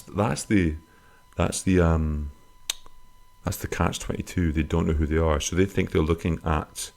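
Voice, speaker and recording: A man hosting a casual comic podcast, rambling through listener questions with crude, self-mocking humor and sudden squeaky jokey swings. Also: creaky, a little mellow.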